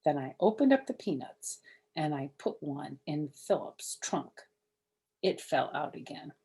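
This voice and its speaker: A woman's voice: low voice, very animated, a little slow, dark tone, husky. An older woman reading a children's chapter book aloud, with chatty asides to her listeners. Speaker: storyteller.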